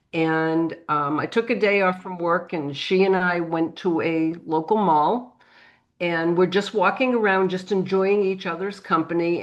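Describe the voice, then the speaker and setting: A middle-aged woman with a New England accent, telling a lively anecdote on a panel and acting out the voices in it. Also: fairly low pitch, lo-fi sound. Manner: animated anecdote with acted-out quotes. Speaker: panel guest. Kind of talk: storytelling on a panel.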